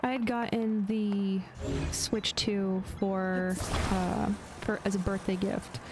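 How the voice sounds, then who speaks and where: A woman's voice: mid-range voice, level tone, takes it slowly, over music. A woman streamer chatting casually while playing a game, laughing often and trailing off into fillers and restarts. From United States. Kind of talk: casual chat while gaming.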